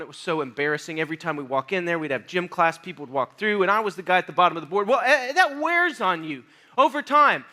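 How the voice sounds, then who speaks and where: Preaching to young people, a man tells a funny story at his own expense, mocking himself and acting out scenes with voices and sound effects. His voice is high with a sharp tone. When he turns to the audience, he becomes earnest and direct.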